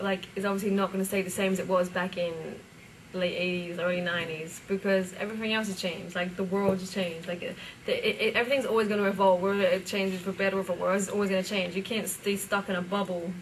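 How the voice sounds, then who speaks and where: A woman's voice: medium pitch, fairly even intonation, brisk. A young woman from the UK with a British accent, a rapper chatting casually in an interview, full of fillers and easy laughs. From United Kingdom. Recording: distant mic, faint ambient noise.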